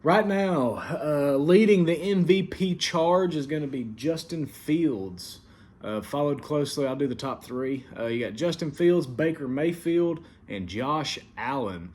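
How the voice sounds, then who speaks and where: A man's voice: fairly high pitch, expressive, unhurried, darkish tone. A man with a country Southern accent hosting a casual weekly league recap, laid-back and full of fillers, turning stern about the rules. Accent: American Southern. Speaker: league commissioner and show host.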